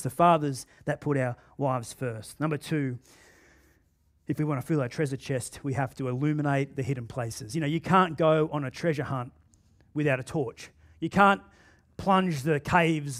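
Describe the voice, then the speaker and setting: Animated Australian pastor, high voice. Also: male voice. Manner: animated, swings between loud emphatic bursts and quiet asides. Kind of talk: sermon. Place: church auditorium.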